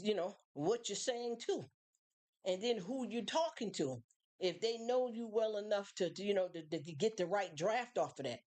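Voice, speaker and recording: A woman's voice: medium pitch, a little mellow. A woman hosting a live stream, talking casually and at length to her viewers, rambling with many fillers and restarts. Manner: acts out other people's voices in quotes.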